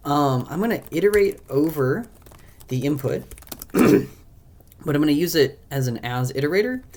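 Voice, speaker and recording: A man's voice: medium pitch, darkish tone. A man who is losing his voice, talking through a live coding walkthrough as a programmer, thinking aloud and hesitating with frequent ums. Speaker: programmer, language creator.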